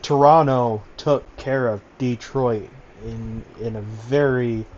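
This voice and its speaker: A man's voice: medium pitch, fairly even intonation, slow pace, darkish tone, muffled recording. A man giving casual basketball analysis over voice chat, talkative and full of fillers. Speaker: basketball commentator.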